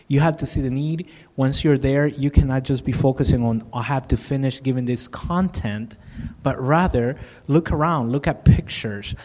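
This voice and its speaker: A man sharing practical advice in an earnest tone and stumbling on repeated words now and then. His mid-pitched voice carries a long room reverb. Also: darkish tone. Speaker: pastor teaching evangelism. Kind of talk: instructive discussion.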